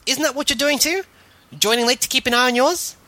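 A woman voicing a hyper-excited young female sea troll who keeps making fishy glub noises, as a fan reading of chat logs. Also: sits high, a little fast. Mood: cheerful.

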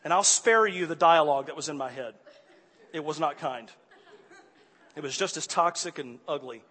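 A man preaching a sermon, telling a personal story with animated swings from quiet to loud exasperation. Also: fairly high pitch, moderate pace, breathy edge, a faint crowd. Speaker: pastor. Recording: hall reverb.

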